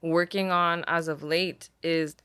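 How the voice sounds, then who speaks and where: A woman's voice: fairly low pitch, slow pace, clear, resonant tone. A young woman from Puerto Rico, a teacher, talking casually in an interview with lots of filler words. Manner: chatty, animated when quoting others, many "like" fillers. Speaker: guest, language arts teacher.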